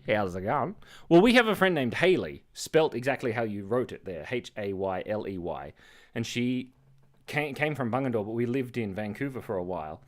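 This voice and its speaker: Rambling Australian man, lively voice. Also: medium pitch. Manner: chatty, scattered, laughs often, reacts to chat messages. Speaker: livestream host drawing and reading chat. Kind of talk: rambling casual chat.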